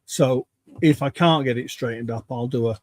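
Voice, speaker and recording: A man at his home workbench, chatting in a relaxed, rambling way on a livestream. He is slightly out of breath, and the sound is dry, with little room echo. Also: mid-range voice, normal speed. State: a bit out of breath. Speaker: co-host. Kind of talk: casual livestream chat.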